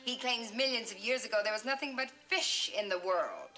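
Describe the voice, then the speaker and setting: A cheerful teasing wife. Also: female voice, fairly high pitch, lively intonation, normal speed, pushed and bright, soft background music. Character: cheerful supportive young wife. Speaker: film character.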